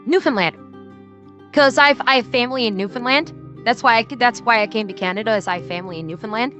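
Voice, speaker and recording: A woman's voice: a little high, fast talker, fairly bright tone, lo-fi sound, faint music behind. A woman with a Midwestern accent chatting casually on a stream, rambling with many restarts and frequent laughter. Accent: Midwestern American.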